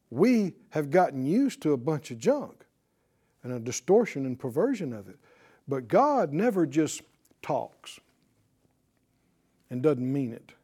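A man's voice: on the high side, breathy edge. A male preacher giving a sermon, asking questions, quoting scripture and chuckling between points. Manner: animated, asks the congregation questions, quotes scripture.

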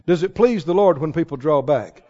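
A man preaching a sermon, telling a Bible story with lively, acted-out dialogue. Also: on the high side, moderate pace. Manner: animated storytelling, acting out the people in the tale. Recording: reverberant hall, somewhat dull sound.

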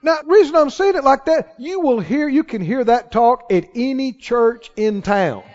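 Recorded in a church sanctuary with a dull, echoey hall quality, a man preaches as pastor in a folksy, emphatic style that builds to exhortation. His pitch is extremely high, his tone a little mellow, and his speed normal.

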